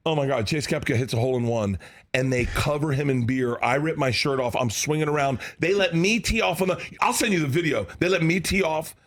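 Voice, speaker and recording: A man telling stories as a comedy guest in a studio interview, excitable and laughing often, acting out the people he quotes. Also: fairly high pitch, brisk. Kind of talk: animated storytelling in an interview.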